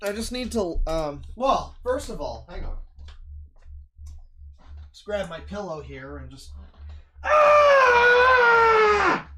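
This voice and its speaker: A man's voice: fairly high pitch, lively intonation, a little slow, long pauses, noisy background. A man streaming from a home setup with a desk microphone, reacting to videos with exasperated, sweary ranting. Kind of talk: live-stream reaction commentary.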